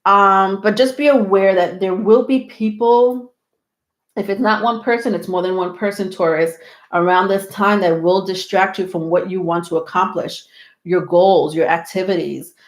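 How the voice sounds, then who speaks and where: A woman's voice: mid-range voice, moderate pace. A woman hosting a live tarot stream, talking to viewers in a rambling, reassuring way with many ums. She sounds a little out of breath. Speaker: tarot reader hosting a livestream. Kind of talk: live tarot reading, casual chat to viewers.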